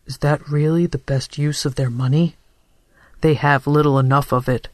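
Narrator doing an old priest's gentle reproach. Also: mid-range voice, fairly even intonation, moderate pace, no room sound, lightly acted. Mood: reproachful. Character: elderly dying Italian priest, gentle conscience.

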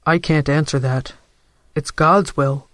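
A man voicing a middle-aged scent dealer, a scheming salesman who keeps a calm, reasonable, persuasive tone. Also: on the high side, slow pace, dry recording, clean studio sound.

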